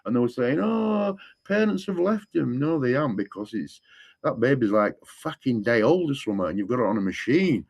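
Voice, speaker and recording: A man's voice: medium pitch, expressive, quick pace, a little mellow, husky. A man, rambling in casual chat and often repeating the same stock phrase. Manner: rambling, repeats "what I'm saying to you".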